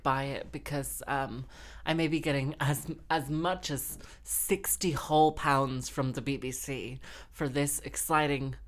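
A woman's voice: deep voice, fairly bright tone. A woman host rambling through a comic, self-mocking monologue, slightly tipsy and full of fillers. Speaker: podcast host and musician. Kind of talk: casual comedic monologue.

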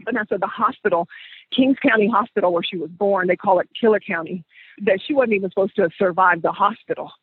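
A podcast host with a high, fast voice that has a breathy edge tells a story conversationally, repeating phrases for emphasis. The recording is dry and phone-like, with no room sound.

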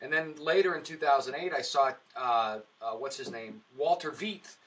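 A man's voice: mid-range voice, normal speed, a bit bright, recorded from a distance. A man guest speaking in a casual interview, earnest and rambling, with a preacher-like way of explaining things. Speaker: comedian and actor, podcast guest.

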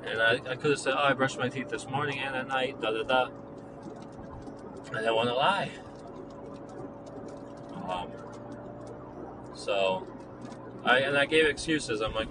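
A man's voice: medium pitch, unhurried, long pauses. A young man casually telling a personal story, rambling with lots of "like" and acting out both sides of past conversations. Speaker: vlogger. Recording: steady traffic and vehicle noise outdoors.

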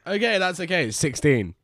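A man playing in a tabletop role-playing game, voicing his frightened character in jumpy, high bursts. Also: a bit bright. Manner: acts out panicked character lines. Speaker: player.

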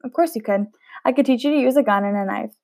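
A woman's voice: on the high side, quick pace, dry recording, studio quality, lightly acted. A woman reading aloud, voicing a scruffy, wiry young man who is a blunt, teasing ex-prisoner in a storybook.

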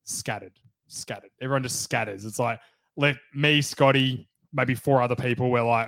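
A man's voice: medium pitch, steady tone, normal speed, gravelly, a bit bright, no room sound. A young Australian man telling a laid-back story as a podcast co-host. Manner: laid-back, chatty, quotes others. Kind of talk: casual storytelling chat.

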